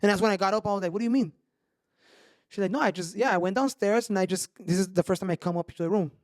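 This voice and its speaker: A man telling scary stories on a casual podcast, animated, swearing and slipping into slang. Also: high-pitched, rapid-fire, dry recording, clean studio sound. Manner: animated, swears a lot, mixes in Spanish slang. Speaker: podcast host. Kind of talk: casual storytelling chat.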